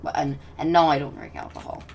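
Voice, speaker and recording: A woman giving casual, rambling gameplay commentary, often interrupting herself and dropping into soft mutters. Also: sits low, little pitch movement, fast, recorded from a distance, a little hiss or hum. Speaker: gaming commentator.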